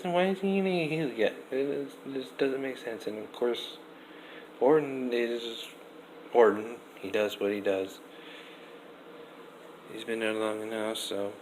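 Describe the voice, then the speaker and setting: A young man giving a casual, rambling wrestling review, restarting sentences often and getting animated. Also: medium pitch, poor audio. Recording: faint background noise.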